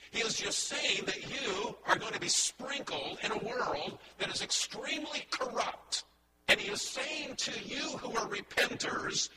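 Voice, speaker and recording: A man preaching a sermon, driving his points home with emphatic repetition. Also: very high voice. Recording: distant mic with loud background noise.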